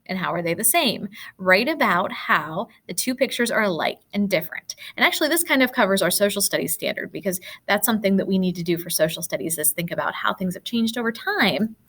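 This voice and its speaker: Woman teacher, patient and encouraging, animated pitch, walks kids through answers. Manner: patient, encouraging, explaining step by step. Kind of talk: recorded classroom lesson.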